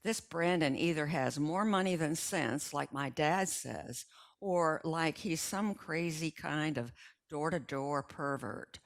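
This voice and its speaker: A woman's voice: sits low, slow. Older woman reading a chatty story aloud. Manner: chatty first-person storytelling. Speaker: resident reader.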